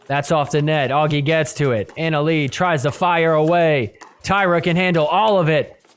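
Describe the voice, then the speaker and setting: A man hosting a podcast, recapping a match in play-by-play commentary and getting loud and excited at the big points. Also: a little high, normal speed, clean tone. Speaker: podcast host.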